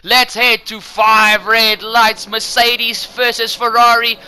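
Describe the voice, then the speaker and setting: A man commentating his own racing game playthrough in an excitable way, often speaking to his viewers directly. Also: very high-pitched, slow. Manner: excitable, talks to viewers as "guys". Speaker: gaming channel host.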